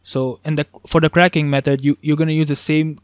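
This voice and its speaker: A man teaching a beatbox vocal technique in a casual tutorial, talking haltingly with restarts as he works out how to explain it. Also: on the high side, little pitch movement, clean tone, no echo. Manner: halting, restarts, thinks aloud.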